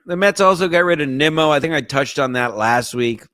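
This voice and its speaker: A man's voice: mid-range voice, expressive, fast talker, few pauses, a bit bright, no room sound, studio quality. A man hosting a sports podcast livestream, reading the chat aloud and bantering crudely in a rambling, joking way.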